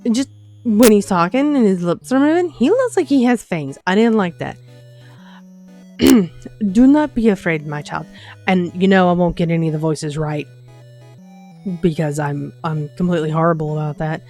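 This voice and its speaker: A woman's voice: fairly low pitch, fairly quick, darkish tone. A woman hosting a gaming video, reacting in a chatty way with many fillers. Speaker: gaming channel host. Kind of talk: casual game commentary. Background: game music.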